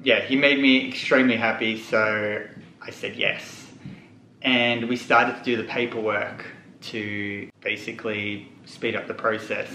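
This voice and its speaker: A man's voice: fairly low pitch, flat delivery, measured pace, pushed and bright, a little hiss or hum. Young man fighting back tears. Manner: candid, tearful, holding back tears. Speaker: vlogger. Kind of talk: emotional storytime to camera. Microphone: camera mic. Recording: echoey room.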